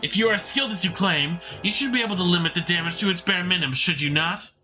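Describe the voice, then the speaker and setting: A man's voice: sits high, quick pace, bright, forceful tone, soft background music. A man voicing a cruel, sneering female general from a fantasy game, mocking and contemptuous.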